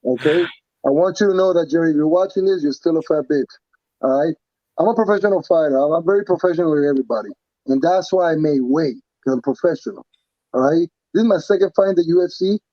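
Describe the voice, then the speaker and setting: A man, a professional fighter being interviewed, talking casually in an animated, profane way with many restarts and repeats. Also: on the high side, fast talker, no room sound, lo-fi sound. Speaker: pro fighter guest.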